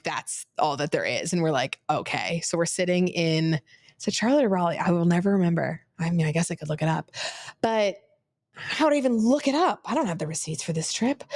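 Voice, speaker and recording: A young woman, hosting a podcast and retelling a travel mishap in a lively, dramatic way with laughter. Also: on the low side, no echo, clean studio sound. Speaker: podcast host. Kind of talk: casual storytelling.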